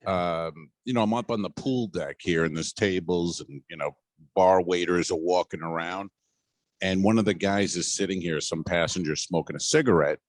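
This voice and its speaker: A man with a fairly low voice co-hosts a comedy podcast from a cruise ship's pool deck. He rambles and swears casually as he tells stories. The sound is close and dry. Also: normal speed, no room sound. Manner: rambling storyteller, loose and profane. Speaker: podcast co-host.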